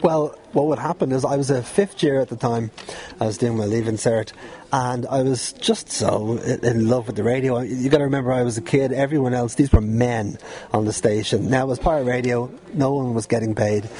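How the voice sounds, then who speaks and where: Mellow-voiced Dublin man telling stories. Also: mid-range voice, fairly even intonation, brisk. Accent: Dublin Irish. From Dublin, Ireland. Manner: chatty, rambling, laughs often. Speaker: guest, former pirate radio DJ. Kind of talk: relaxed storytelling interview.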